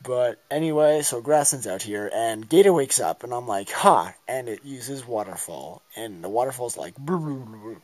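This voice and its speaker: A man's voice: medium pitch, moderate pace, hardly any pauses, dark tone, no echo. A man talks through a game battle move by move, rambling and goofy, often acting out his own reactions. His voice sounds close and dry, with no room around it. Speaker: gamer narrating a battle.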